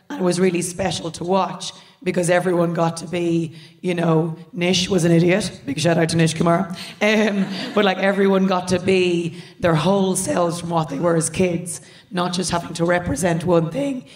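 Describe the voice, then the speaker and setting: A woman speaks in a slightly low voice. She tells quick, animated stories on stage. She is co-hosting a live podcast in a large hall. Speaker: co-host.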